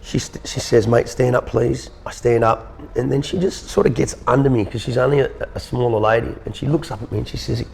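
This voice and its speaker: An Australian man in his thirties, speaking in a medium pitch with vocal fry, shares a personal story as an interview guest, with a slight hiss or hum in the audio. He's earnest but halting, frequently repeating words.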